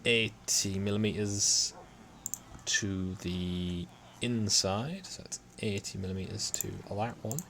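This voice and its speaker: A man's voice: lowish voice, slow pace, fairly bright tone, slight background noise. A man talking himself through a computer drawing in a casual, muttering way, with keyboard typing behind. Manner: muttering to himself, self-deprecating. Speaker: hobby modeller streaming CAD work. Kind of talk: casual talk-through while working.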